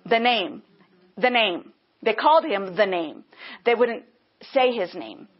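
A woman's voice: a little high, expressive, takes it slowly, breathy edge. A woman teaching a Bible lesson earnestly, breaking into bursts of praise. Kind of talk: teaching sermon. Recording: dull lo-fi sound.

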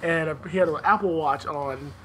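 Fairly high-voiced man chatting casually. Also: moderate pace, fairly bright tone, a little hiss or hum, low-quality recording. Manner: loose, laughing, profane retelling of news. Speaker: podcast host. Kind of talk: casual chat.

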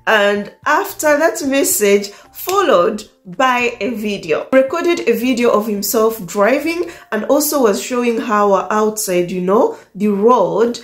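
A woman with an East African accent, a dating coach telling a love story to her viewers in a casual, animated way, laughing often. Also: on the high side, a little slow, few pauses. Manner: animated, laughs often, acts out quoted lines. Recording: echoey room.

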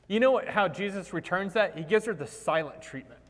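A male preacher speaks in a somewhat high voice, chatty and animated as he acts out the lines he quotes. His sermon rings through a church sanctuary with a long hall reverb. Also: fairly quick, few pauses.

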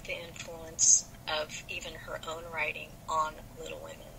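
A woman's voice: deep voice, completely flat delivery, moderate pace, creaky, noisy background. A woman hosting a casual book discussion, speaking hesitantly with many fillers and restarts. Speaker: podcast host.

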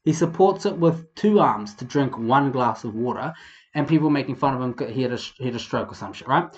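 A young man from New Zealand with a New Zealand accent, hosting a casual comedic vlog in a rambling, profane, animated way. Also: medium pitch, a little fast, lo-fi sound. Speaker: vlog host.

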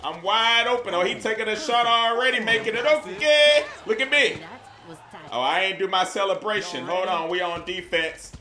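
A man giving excitable, slangy commentary while playing a basketball video game, talking to the players on screen. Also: high voice, moderate pace. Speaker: gaming YouTuber. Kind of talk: casual gameplay commentary. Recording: roomy echo with game music behind.

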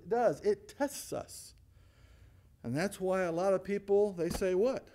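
A man's voice: sits high, moderate pace. A man pastor leading a Bible study, asking the group questions and answering them himself, laughing now and then. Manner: animated, asks rhetorical questions and answers them; acts out voices in quotes, laughs often.

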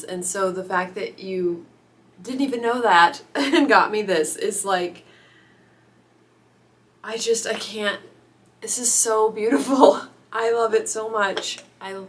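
A young adult woman vlogging, emotional and gushing, with halting restarts. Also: fairly high pitch, fairly bright tone, a little hiss or hum. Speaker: author vlogger. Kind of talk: casual vlog chat.

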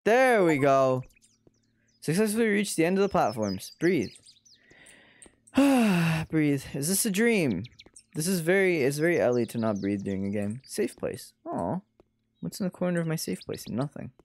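While streaming a game on a desk mic, a young man chats and mocks himself, frequently letting out exclamations. He speaks a little slowly, his voice on the high side with big pitch swings.

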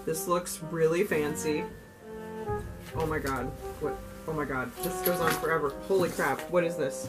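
A young woman vlogging as she unboxes gifts, gushing, gasping and squealing with excitement. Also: low voice, normal speed. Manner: gushing, squeals and gasps often, lively and giddy. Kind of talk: excited casual unboxing chat. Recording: music playing underneath.

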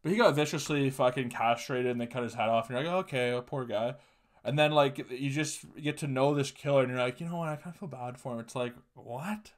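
A man's voice: medium pitch, fairly quick. A man hosting a solo podcast, ranting casually and crudely with lots of swearing and laughing asides. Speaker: podcast host.

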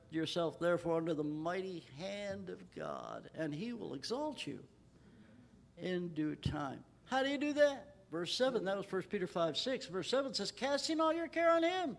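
Male pastor, high voice, emphatic Bible-study preacher who lifts his voice on scripture. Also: vocal fry. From Texas. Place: church.

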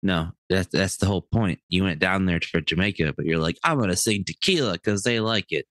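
A man co-hosting a podcast in casual banter, teasing in a deliberately low, dry tone. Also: fairly bright tone, no room sound. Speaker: podcast co-host.

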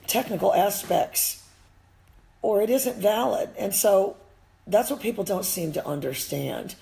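A woman's voice: mid-range voice, creaky, darkish tone, low-quality recording. A woman with a Midwestern accent, an e-collar dog trainer giving a blunt, emphatic live-stream rant and swearing freely. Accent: Midwestern American.

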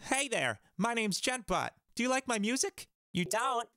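A man voicing a cocky little male robot metal musician in a high, chirpy, synthetic-sounding voice with goofy, repetitive lines. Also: very animated, moderate pace, bright, forceful tone, a little hiss or hum, exaggerated voice.

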